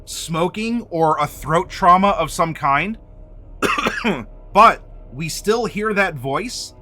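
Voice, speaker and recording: Animated man teaching game mastering. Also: high-pitched, slow pace, soft background music. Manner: animated, addresses the viewer directly. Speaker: game master workshop host. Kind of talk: instructional talk to camera.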